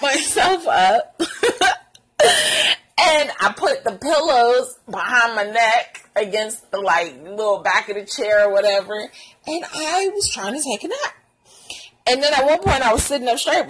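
A young woman telling a casual, profane story vlog, acting out quoted lines with lively pitch jumps. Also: moderate pace, breathy edge, low-quality recording. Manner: animated, profane, acts out quotes in a higher voice.

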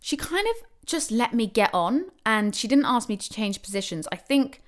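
A young woman tells a personal story in a relaxed, chatty way. Her voice is animated, leaping up high when she acts out what others said. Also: normal speed. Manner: animated, acts out quotes with big pitch swings. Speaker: new mother telling her birth story. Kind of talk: casual spoken storytelling.

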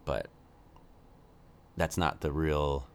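Deep-voiced man in casual chat. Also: steady tone, drawn-out words, clear, resonant tone. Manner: rambling, filler-heavy, laughs often. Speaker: podcast co-host. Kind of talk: casual chat reviewing a movie.

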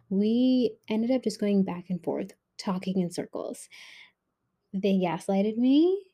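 A woman's voice: medium pitch, lively intonation, slow, dark tone. A young woman hosting her own podcast, rambling candidly in an agitated, heated way about her week. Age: young adult. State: agitated and shaken. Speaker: podcast host. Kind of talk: casual rambling monologue.

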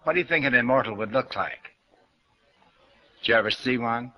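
A man's voice: mid-range voice, fairly quick, highs cut off. An older man giving a spiritual lecture to an audience, blunt and questioning, speaking straight to his listeners. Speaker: New Thought lecturer.

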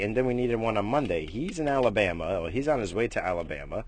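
A man hosting a casual morning vlog, rambling and swearing, jumping between loud bursts and low mutters. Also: lively intonation, a little fast, breathy edge. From United States. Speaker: morning stream host.

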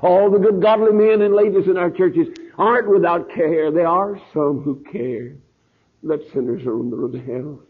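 An older man preaching a sermon, telling stories in a folksy way, his voice quiet at times and rising at others. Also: on the high side, normal speed, slightly rough. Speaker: pastor. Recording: tinny phone-like old sermon recording.

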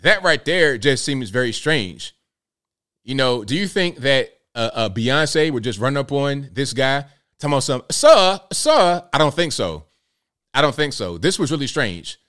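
A man's voice: medium pitch, expressive, a little slow, bright, forceful tone. A man in his thirties hosts a casual commentary show in a mid-range voice. He talks through a video clip in a chatty, incredulous way. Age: 30s. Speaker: host.

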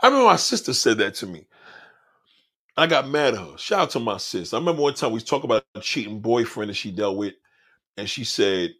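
A man's voice: medium pitch, very animated, fast, a bit bright. A man hosting his own podcast, talking in a blunt, profane, preachy monologue straight to his listeners. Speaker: podcast host. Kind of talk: casual monologue on a livestream.

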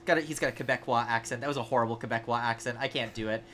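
Young male podcast co-host, bright tone, animated storyteller, self-mocking. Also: mid-range voice, racing, slight background noise. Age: 20s. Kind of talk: casual chat, storytelling.

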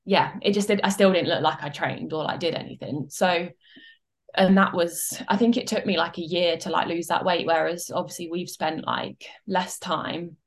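A young woman with a somewhat low voice, chatting casually as a coaching client. She talks in loose, rambling sentences full of fillers and restarts. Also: fairly even intonation, normal speed. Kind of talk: casual chat.

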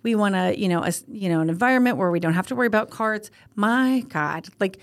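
An older woman co-hosting a casual podcast, telling stories in a rambling, animated way with many restarts. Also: medium pitch, quick pace. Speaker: podcast co-host.

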